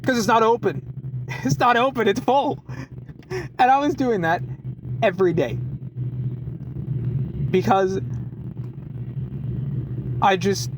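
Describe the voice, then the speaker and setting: A man telling a work story in a casual, animated vlog, with many restarts and short laughs. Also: sits high, takes it slowly, pauses often, noisy background. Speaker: deli worker venting in a vlog. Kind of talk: casual chat.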